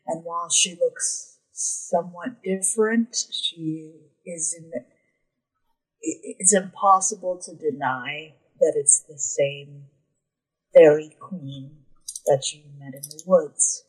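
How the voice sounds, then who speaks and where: A woman narrating a tabletop role-playing game as game master, describing scenes at an unhurried pace. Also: sits low, breathy edge, low-quality recording.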